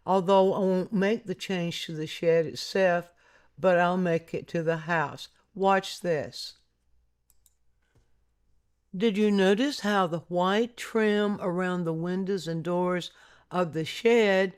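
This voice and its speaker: An art instructor talks through a lesson in voice-over at an unhurried, deliberate pace. The delivery is patient and explanatory, pitched in a middle register, and it regularly invites the listener to look again. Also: clear, resonant tone. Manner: patient, explanatory, prompts viewer to look closely.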